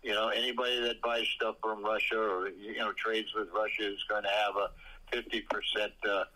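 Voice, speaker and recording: A man's voice: lowish voice, flat delivery, fairly quick, sharp tone, rough recording. A man in a casual political chat on the radio, speaking hesitantly with frequent fillers, then pressing his points emphatically.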